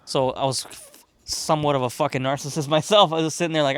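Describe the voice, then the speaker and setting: A man's voice: fairly high pitch, fast, clean tone, no room sound. A man from Chicago hosting a podcast, telling a long, profane, rambling story in casual chat and acting out the people in it. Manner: profane, rambling, animated retelling with quoted voices. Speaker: podcast host.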